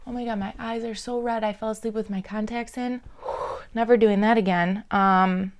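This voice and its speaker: A young woman talking earnestly and dreamily to camera about feelings, with lots of pauses and filler words. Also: medium pitch, steady tone. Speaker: spiritual vlogger. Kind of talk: casual reflective monologue.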